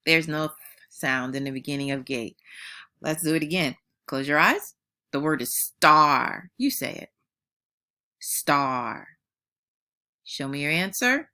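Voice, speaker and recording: A woman teacher giving a phonics lesson to young children at home, modeling sounds slowly and praising them patiently. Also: sits low, pushed and bright.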